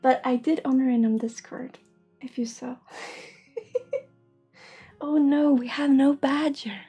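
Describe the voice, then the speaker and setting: Woman, from Sweden, livestream host, high voice, slow, giggly, whispery. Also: fairly even intonation, slightly rough, faint music behind. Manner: giggly, soft-spoken, often drops to a whisper. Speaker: livestream host and intuitive reader. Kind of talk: casual livestream chat. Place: home room with shelving.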